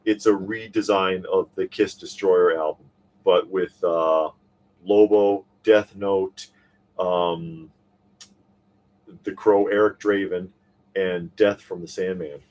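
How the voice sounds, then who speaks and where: A man's voice: low voice, steady tone, takes it slowly, a little mellow. A man co-hosting a live toy and pop culture stream, chatting casually, reading viewer comments and ranting with plenty of fillers and restarts. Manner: opinionated, rambling with fillers and restarts. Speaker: co-host of a live toy talk show.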